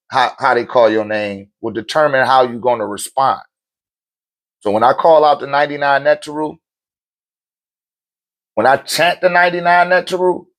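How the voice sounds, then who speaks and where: A man hosting a live stream, explaining spiritual ideas to viewers in loose, casual talk, often asking "right?" and chanting lists of names with rising energy. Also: on the high side. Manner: loose, conversational, with rhetorical check-ins; chants lists of names rhythmically, growing animated. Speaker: livestream host answering viewer questions on spirituality. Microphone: streaming mic.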